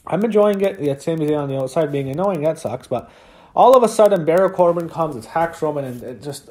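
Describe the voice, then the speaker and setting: A man's voice: on the high side, animated, fairly quick, darkish tone. A man giving a casual spoken review of a wrestling show, swearing often and ranting when annoyed. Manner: profane, ranting, easily annoyed.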